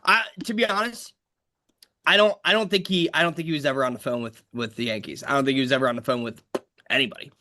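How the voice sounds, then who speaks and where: A man's voice: medium pitch, quick pace, pushed and bright. A man co-hosting a fan sports podcast, talking in an exasperated, sarcastic way in casual chat. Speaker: podcast co-host.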